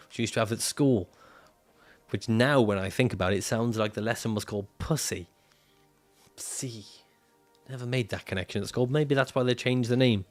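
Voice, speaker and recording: A man livestreaming casually, reading out viewer comments and answering them in a jokey, profane way and laughing often. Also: mid-range voice.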